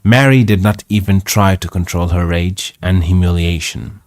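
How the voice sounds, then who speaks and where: Brief: Arabic-native man, low voice, unhurried read-aloud host, dry close sound. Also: a little mellow, no room sound. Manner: slow, reflective, chuckles at the text. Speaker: English reading host. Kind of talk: live read-aloud with comments.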